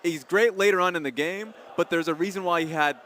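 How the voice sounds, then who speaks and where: A man breaking down an esports game in an animated, explanatory way. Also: high-pitched, brisk, a little hiss or hum. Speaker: esports analyst. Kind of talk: esports analysis.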